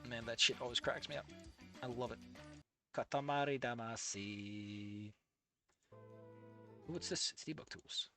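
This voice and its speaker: A woman casually reacting to a fanfic, exasperated and swearing freely, yelling at the characters, laughing often and trailing off into low mutters. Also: normal speed, soft background music. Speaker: fanfic reader and commentator.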